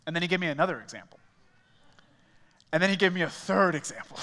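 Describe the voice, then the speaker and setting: A man's voice: sits high, expressive, brisk, a bit bright. A young man preaching a sermon as a small groups pastor, telling stories in a conversational, self-mocking way. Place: church auditorium. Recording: reverberant church hall.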